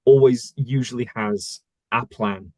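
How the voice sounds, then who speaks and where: A male voice actor talking casually in an interview, thoughtful and searching for words with many pauses. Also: mid-range voice, fairly even intonation, a little mellow, no echo. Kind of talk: casual conversation.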